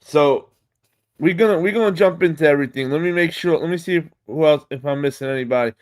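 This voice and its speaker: Excitable New York guy streaming live. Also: on the high side, fast. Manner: excitable, swears freely, hypes up viewers. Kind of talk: casual live chat with viewers.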